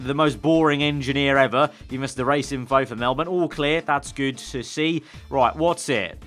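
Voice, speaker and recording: A man's voice: a little high, a bit bright. A man commenting on his racing game as he plays, chatty with wry, sarcastic asides. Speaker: gaming video creator.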